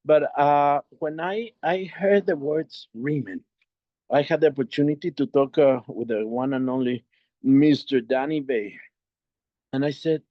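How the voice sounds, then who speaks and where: A man's voice: a little high, no echo. Mexican-accented man on a dull, dry video call. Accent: Mexican Spanish. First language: Spanish. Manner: halting, many repeated words. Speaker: guest speaker.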